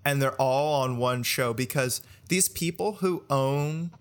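A man of ordinary middle pitch chats on a podcast. He is relaxed and eager, and he stretches out his words for emphasis. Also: a little slow, clean tone. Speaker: podcast co-host. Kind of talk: casual chat.

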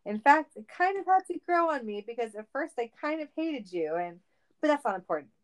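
Woman doing a frantic high hedgehog hero. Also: big pitch swings, brisk. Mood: earnest. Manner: pleading, yelling. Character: frantic loyal male cartoon hedgehog.

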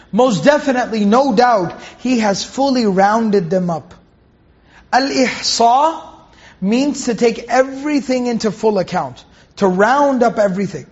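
A man with a high-pitched voice teaches a Quran commentary lesson. He patiently explains Arabic words and stops to correct himself mid-sentence. The recording sounds dull and lo-fi.

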